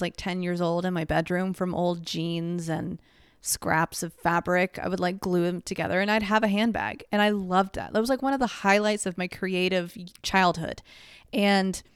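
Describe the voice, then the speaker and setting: A woman's voice: mid-range voice, smooth, no echo, studio quality. A woman giving casual advice to the camera, chatty and self-mocking, full of "like" and little laughs.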